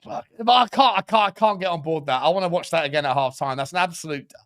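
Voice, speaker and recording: A man co-hosting a live match watchalong, reacting loudly with exasperated, sweary outbursts. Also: fairly high pitch, fast talker. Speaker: watchalong co-host.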